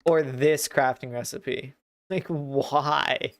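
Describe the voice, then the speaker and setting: A man's voice: medium pitch, steady tone, takes it slowly. A man livestreaming a video game, thinking aloud in a rambling, self-mocking way as he sets up his desk mic. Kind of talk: casual gameplay commentary. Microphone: desk mic with noise gate.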